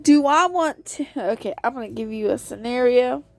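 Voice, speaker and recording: A woman's voice: a little high, lively intonation, normal speed, creaky, no echo. A woman hosting a podcast, giving a casual devotional talk on a Bible book and acting out quotes in an earnest storytelling tone.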